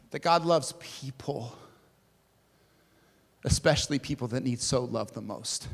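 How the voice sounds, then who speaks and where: A man preaching a sermon in a large church hall, telling stories with big swings in loudness and pitch. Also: expressive, a little slow, gravelly, breathy edge. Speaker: pastor. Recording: long hall reverb.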